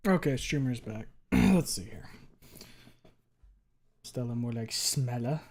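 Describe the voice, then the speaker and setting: A man's voice: medium pitch, expressive, slow, long pauses, a little mellow. Chatty swearing male streamer. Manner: chatty, swears often, fills with "like". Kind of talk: casual live-stream chat with viewers.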